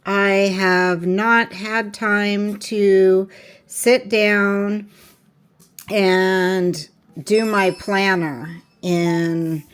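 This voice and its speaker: A woman chatting casually to her viewers while working on her planner, rambling along with many fillers and restarts. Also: mid-range voice. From Washington State, US. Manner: slow, unhurried talk. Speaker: planner vlogger.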